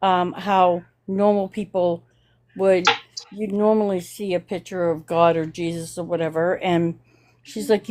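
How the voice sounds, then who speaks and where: A woman's voice: lowish voice, flat delivery, unhurried, a little mellow. A woman telling a rambling anecdote in casual chat.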